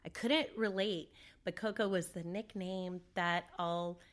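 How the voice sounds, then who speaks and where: A woman's voice: lowish voice, fairly even intonation, a little slow. Woman, middle-aged, interview guest, conversational storytelling, fillers, quoted dialogue. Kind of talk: emotional personal storytelling.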